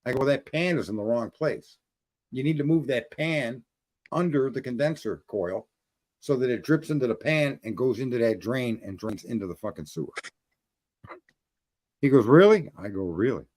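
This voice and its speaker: A man's voice: mid-range voice, darkish tone, no room sound. A man in casual chat, telling a roofing story in a blunt, profane way. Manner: storytelling, profane, talks through trade details.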